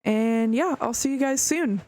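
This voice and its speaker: Woman streamer, unhurried and rambly, fillers and casual cursing, a touch high, hiccuping now and then. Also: warm tone. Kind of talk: casual stream outro chat.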